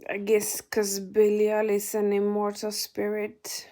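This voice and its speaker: A woman's voice: mid-range voice, completely flat delivery, slow pace, mellow. A woman vlogger telling an indignant personal spiritual story, swearing and sometimes dropping to a whisper.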